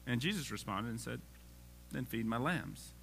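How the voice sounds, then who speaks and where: A man's voice: medium pitch, animated, moderate pace, creaky, fairly bright tone, a little hiss or hum. A man preaching a casual sermon, reading scripture aloud and joking with the congregation.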